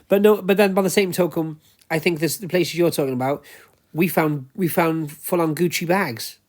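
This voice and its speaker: A man's voice: on the high side, normal speed. A man with a Welsh accent, chatting casually and at length while browsing a charity shop, talking into a wearable action camera. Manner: chatty, rambling, explains at length. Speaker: luxury resale vlogger. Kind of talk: casual chat while shopping.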